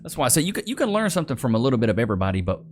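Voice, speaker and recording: A man hosting a casual commentary video, chatting in a relaxed, slangy way and talking to his dog between clips. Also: medium pitch, racing, over music. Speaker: host reacting to clips.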